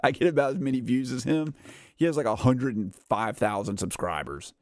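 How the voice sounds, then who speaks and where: A man's voice: medium pitch, brisk, a little mellow, no echo, studio quality. A man in his thirties chatting casually on a game livestream, rambling with lots of "like" and "uh" and frequent chuckles. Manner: rambling, filler-heavy, says "like" and "uh" a lot; chuckles often while talking. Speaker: gaming streamer.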